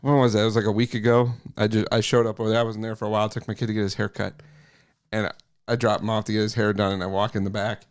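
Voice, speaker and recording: A man's voice: lowish voice, flat delivery, racing, clean tone. A man telling stories with laughs in casual podcast chat, acting out his friends' lines. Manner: laughing storyteller, mimics friends. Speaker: podcast co-host of another show.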